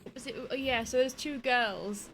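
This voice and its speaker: A woman chatting casually on a live stream, giggly and animated, swearing freely as she tells stories. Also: fairly high pitch, moderate pace, a little hiss or hum. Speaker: streamer's wife, co-host.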